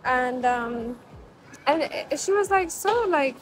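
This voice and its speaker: A woman's voice: high-pitched, animated, slow, faint music behind, low-quality recording. A young woman vlogging to her phone camera, chatty and emotional, with lots of fillers. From South Africa. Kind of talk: casual vlog chat to camera. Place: outdoors on a hot city street, then a restaurant.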